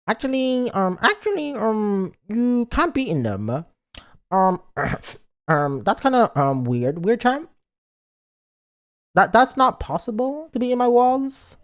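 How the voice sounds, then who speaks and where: A man streaming a game in a silly, joking and rambling way. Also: high-pitched. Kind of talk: casual game stream chat.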